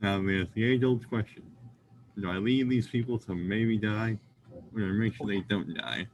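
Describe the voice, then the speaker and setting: A man's voice: fairly low pitch, normal speed, a little hiss or hum. A man playing in a tabletop game, talking in a casual, matter-of-fact way about what his character does. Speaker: player.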